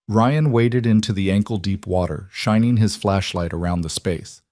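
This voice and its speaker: Male audiobook narrator; low, measured storytelling, dry studio sound. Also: darkish tone, dry recording. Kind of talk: scripted narration.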